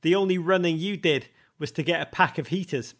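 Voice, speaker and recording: A male podcast host whose voice runs quite high. He asks his questions with open enthusiasm and admiration. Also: fairly quick, fairly bright tone. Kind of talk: interview questions.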